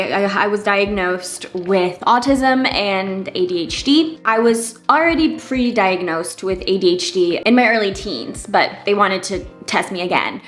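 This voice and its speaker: A woman's voice: medium pitch, a bit bright. A woman in her thirties telling a personal story in a casual vlog, chatty and candid, with lots of fillers and side remarks. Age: 30s. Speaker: vlogger.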